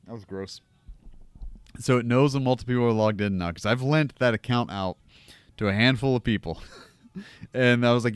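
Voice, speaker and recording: A man's voice: mid-range voice, moderate pace, pauses often, clear, resonant tone, dry recording. A young man from the United States hosting a casual watch-along stream, ranting and rambling with plenty of swearing. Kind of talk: casual livestream chat. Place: home room.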